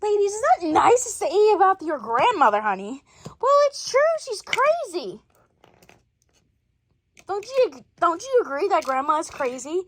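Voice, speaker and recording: A woman's voice: extremely high pitch, big pitch swings, unhurried, dry recording. A woman telling a playful family story, switching between many character voices. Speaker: storyteller voicing a family skit. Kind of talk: playful family role-play.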